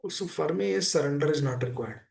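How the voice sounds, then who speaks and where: A man preaches earnestly, with a gravelly, fry-tinged voice sitting a bit high for a man. He often repeats himself and poses rhetorical questions to his listeners. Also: lively intonation, fairly quick, a little mellow. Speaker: speaker giving a scripture class. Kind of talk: sermon.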